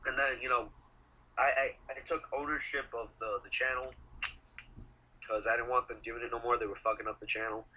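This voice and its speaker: Bright-toned man, rambling and profane. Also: mid-range voice, steady tone, slightly rough, rough recording. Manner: rambling, halting, casually profane. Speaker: interview guest. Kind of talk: casual chat.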